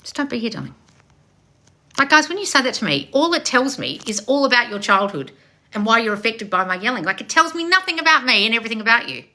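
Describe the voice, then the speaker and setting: A woman manifestation coach on a live stream, loud and passionate, blunt and confrontational, swearing freely and calling listeners darling. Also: fairly high pitch, sing-song, fast. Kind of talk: live-streamed coaching with read-out viewer questions.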